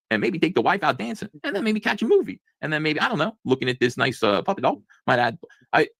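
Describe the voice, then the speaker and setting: Sarcastic guy riffing fast on comics, voice jumping all over. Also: on the high side, vocal fry, fairly bright tone, no echo, clean studio sound. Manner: sarcastic, mocking, reads comic lines in put-on voices. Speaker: podcast co-host. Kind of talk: casual comic review chat.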